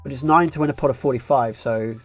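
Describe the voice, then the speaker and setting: A man's voice: medium pitch, quick pace, soft background music. A man streaming live poker, musing through his decisions and thinking aloud with wry asides.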